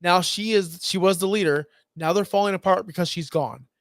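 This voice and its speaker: Male podcast co-host with a high voice, opinionated, voices quotes; dry room. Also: fairly quick, no echo. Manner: opinionated and animated, acting out quoted lines. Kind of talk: casual wrestling podcast chat.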